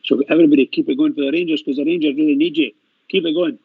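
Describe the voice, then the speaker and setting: A man's voice: a little high, steady tone, rapid-fire, vocal fry. A man giving an upbeat, rousing sign-off on fan radio. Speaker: co-presenter. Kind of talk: rallying sign-off. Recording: dull lo-fi line with faint hiss.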